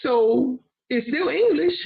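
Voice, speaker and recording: A man's voice: very high-pitched, lively intonation, slow pace, creaky, breathy edge. A man co-hosting a casual discussion, loose and conversational, laughing and swearing as he explains. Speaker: co-host. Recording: dull lo-fi sound.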